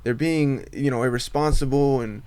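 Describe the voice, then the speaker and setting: A man's voice: mid-range voice, normal speed, smooth, dry recording. A man from Miami chatting casually on a podcast, telling stories and acting out the dialogue. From Miami, United States. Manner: animated storyteller, acts out dialogue. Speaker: recording studio staff member.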